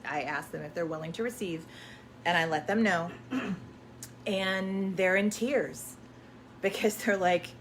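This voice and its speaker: A woman's voice: mid-range voice, fairly bright tone, a little hiss or hum. A woman spiritual energy coach in casual promotional chat, effusive and affirming, often repeating herself and using uplifting self-help language.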